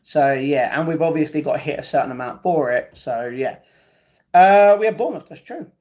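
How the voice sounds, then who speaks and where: Man, livestream host, casual banter, reads chat aloud, slightly raised pitch. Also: animated, fairly quick, a little mellow. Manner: chatty, reads viewer comments aloud and banters back. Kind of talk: casual live-stream chat.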